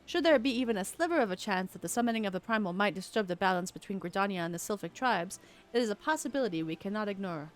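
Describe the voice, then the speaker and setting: A woman's voice: mid-range voice, expressive, fast, soft background music, close to an everyday voice. A woman voicing a stern military commander in a game, reading formal, old-fashioned lines. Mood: grave.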